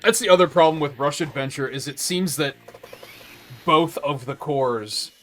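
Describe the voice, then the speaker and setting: A man's voice: on the high side, moderate pace, a bit bright, faint music behind. A man streaming a video game, chatting casually in a rambling way, with restarts and casual swearing. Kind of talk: casual let's-play commentary.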